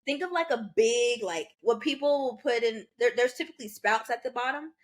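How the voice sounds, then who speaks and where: Animated American woman telling a story. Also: on the high side, brisk. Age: young adult. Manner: animated, lively storytelling with quoted asides. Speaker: podcast co-host. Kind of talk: casual storytelling chat.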